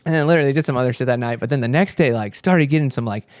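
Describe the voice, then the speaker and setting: A young spiritual content creator rambles through a spiritual story, swearing often and animatedly acting out what he and his friends said. His mid-range voice comes rapid-fire with a clean tone. The recording is dry.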